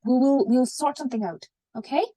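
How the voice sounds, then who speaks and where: A woman role-playing a junior doctor, speaking gently and reassuringly with many okays. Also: sits high, a little fast, a loud crowd, close to an everyday voice.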